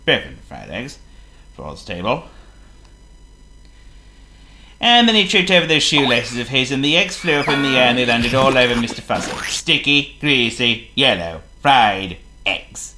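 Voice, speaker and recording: A man narrating a children's storybook in a lively, theatrical way. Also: mid-range voice, quick pace.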